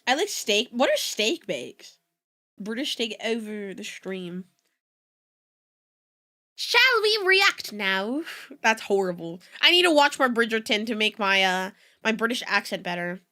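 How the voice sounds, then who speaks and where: A young woman streamer with a bright, ringing voice, talking casually to chat. Her pitch jumps all over as she rambles from one aside to the next and breaks into giggles. She is a native Spanish speaker. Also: lively intonation, moderate pace.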